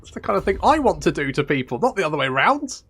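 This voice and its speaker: A man's voice: fairly high pitch, big pitch swings, quick pace, a bit bright, breathy edge, soft background music. A man hosting a strategy game let's play, commenting as he plays, given to swearing and exasperated outbursts. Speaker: gaming channel host.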